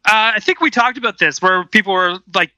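A man's voice: high-pitched, moderate pace, pushed and bright, dry recording, rough recording. A man co-hosting a podcast in casual chat, laughing often and chiming in with jokes. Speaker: podcast co-host.

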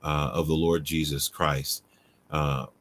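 A man's voice: extremely low pitch, flat delivery, takes it slowly, a bit bright, a little hiss or hum. A man hosting a faith-based livestream, answering viewer questions in a conversational way with frequent "right?" and fillers. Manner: conversational, asks "right?" often, many fillers.

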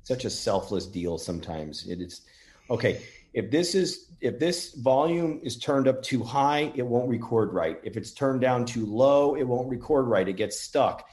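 A man casually demonstrating a recording tool, earnest and gently thankful toward spirits. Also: medium pitch, expressive, measured pace. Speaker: paranormal app demonstrator.

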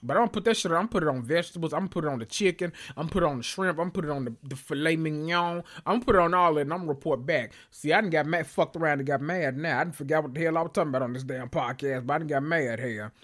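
A man's voice: a little high, rapid-fire, few pauses, a bit bright. A man hosting a podcast, chatting casually and profanely, rambling with self-interruptions. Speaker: podcast host. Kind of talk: casual reality-TV recap chat.

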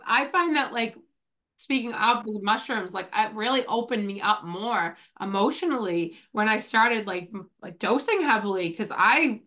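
A woman's voice: medium pitch, animated, normal speed, pushed and bright. A woman hosting a podcast in casual chat, talking with lots of filler words while coming down with a cold. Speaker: podcast host.

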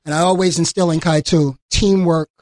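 A man's voice: fairly high pitch, fairly even intonation, a little fast, a little mellow, no room sound. A man talking as the parent of a young athlete, encouraging and emphatic, repeating himself for stress. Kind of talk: conversational interview answers.

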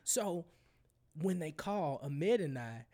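Podcast guest: St. man, animated storyteller, high voice with big swings. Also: slow pace. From St. Louis, USA. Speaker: guest, radio host. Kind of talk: casual chat, storytelling.

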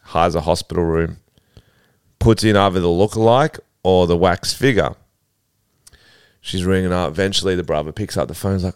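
A man with a smooth, clear, fairly low voice, riffing casually on a comedy podcast. His talk is laid-back and close, with no room sound. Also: fairly even intonation, normal speed, dry recording. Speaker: podcast co-host.

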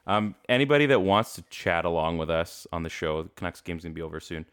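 Deep-voiced man bantering about hockey. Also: fast talker, smooth. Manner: animated, jokey, laughs often. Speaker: podcast co-host. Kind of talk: casual sports talk.

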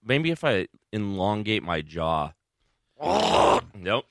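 A man's voice: on the low side, very animated, very slow, creaky, a bit bright, no room sound, studio quality. A man co-hosting a radio show, chatting casually and joking at his own expense with frequent laughter. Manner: self-mocking, laughs a lot. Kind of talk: casual on-air banter.

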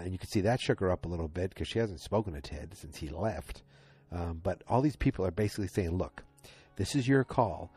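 This podcast host's voice is low, darkish and slightly rough as he recaps a TV episode late at night. Tired and yawning, he rambles in a casual way, frequently pausing to fix what he just said.

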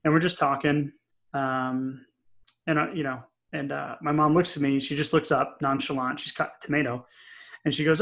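A middle-aged man from New England co-hosting a podcast, telling a long anecdote in a chatty, animated way with many fillers. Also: a little high, normal speed, vocal fry. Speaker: podcast co-host. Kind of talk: casual podcast chat, storytelling.

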